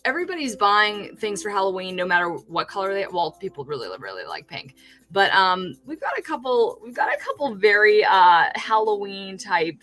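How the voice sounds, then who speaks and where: A woman's voice: mid-range voice, sing-song, normal speed, fairly bright tone. A woman from California, chatting casually on a livestream while showing fake food crafts, rambling with many restarts and sounding delighted by her own work. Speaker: streamer and fake food artist.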